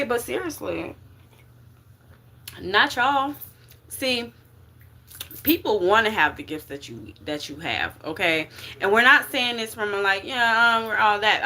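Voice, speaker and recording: A woman's voice: mid-range voice, pushed and bright, a little hiss or hum. A woman giving a casual spiritual reading to viewers, slangy and emphatic, often checking in with her listeners. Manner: slangy and emphatic, checks in with "okay?" and "you get what I'm saying?". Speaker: spiritual reader.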